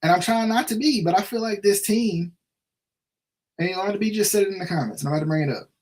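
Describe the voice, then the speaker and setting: A man's voice: sits high, fast. A man hosting a casual live stream about his football team, talking in a frustrated, repetitive way with many restarts and tag questions. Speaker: sports show host.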